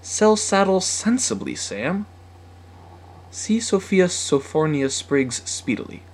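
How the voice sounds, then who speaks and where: A man doing a soft-spoken, gentle mother. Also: big pitch swings, slow pace, husky, exaggerated voice. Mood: coaxing. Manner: soft, coaxing, higher voice. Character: gentle sympathetic mother, a seamstress.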